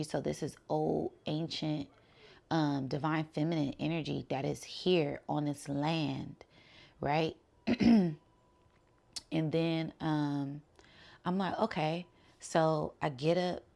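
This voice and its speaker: Low gravelly woman telling a spiritual story. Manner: relaxed and chatty, many fillers like "um" and "like". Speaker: spiritual channel host.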